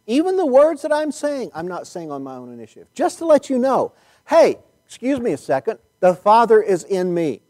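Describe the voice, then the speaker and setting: A man's voice: on the high side, darkish tone, dry recording. Emphatic preacher man, dry sound. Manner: emphatic, stretches key words slowly, repeats phrases. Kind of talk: sermon with Bible reading.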